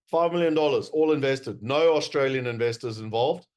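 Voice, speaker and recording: A man's voice: mid-range voice, moderate pace, darkish tone. A man with a South African accent giving a presentation to investors, emphatic and wry, with many fillers. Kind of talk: presentation talk.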